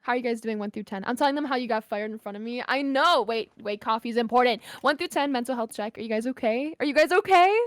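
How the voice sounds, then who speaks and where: Chatty young woman streamer, high voice, dry close mic, quick asides to chat. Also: dry recording. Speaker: streamer guest. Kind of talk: casual livestream chat.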